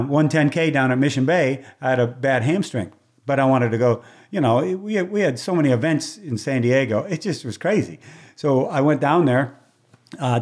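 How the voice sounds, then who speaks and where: A man in his sixties, a longtime race announcer, telling stories in a relaxed interview, acting out other people's voices and laughing often. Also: mid-range voice. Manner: animated storyteller, acts out voices, laughs often. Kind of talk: casual storytelling interview. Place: moved from Hawaii, on the mic in Southern California for decades.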